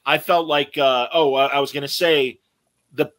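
Bright-voiced man chatting casually. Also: on the high side, fairly even intonation, normal speed, no room sound. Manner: chatty, reads out listener comments. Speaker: podcast co-host. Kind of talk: casual chat about movies and TV.

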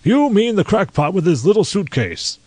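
A man's voice: sits high, very animated, moderate pace, darkish tone, slightly rough, no echo, voice pushed up, full character voice. A man voicing a jovial, dismissive male army colonel who talks in a breezy, offhand way.

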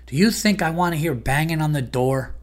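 Profane, ranting New comedian. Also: male voice, fairly quick. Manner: profane, exasperated ranting that swings louder and higher when annoyed. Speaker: comedian and podcast host. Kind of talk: casual ranting monologue.

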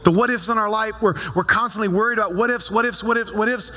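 A man preaches to his church in an easy, conversational style, circling back on his phrases. His voice sits high and sounds bright and forceful. The sound rings out with a long reverb from the sanctuary. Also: fast. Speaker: pastor. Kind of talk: sermon.

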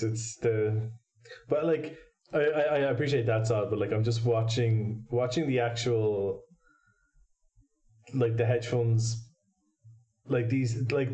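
A man's voice: mid-range voice, warm tone. A man in casual podcast chat, rambling through points with many restarts and a wry tone.

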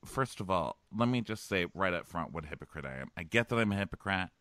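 A man hosts a chatty comedy podcast, his voice low-pitched but bright and forward. He jokes in a campy, theatrical way and laughs often. The sound is dry and close, with no room echo. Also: animated, quick pace. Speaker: podcast host. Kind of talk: casual comedic chat. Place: hotel room. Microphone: remote connection.

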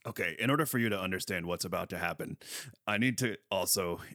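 A man with a very low, bright voice hosts a comic podcast. He hesitates constantly, filling gaps with "uh" and restarting his sentences. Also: fast talker, dry recording, studio quality. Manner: hesitant, full of "uh", awkward. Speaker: podcast host.

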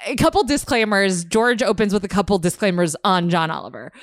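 A woman's voice: medium pitch, expressive, brisk, no echo. Woman, young adult, podcast co-host, casual rambling chat, filler-heavy, dry close sound.

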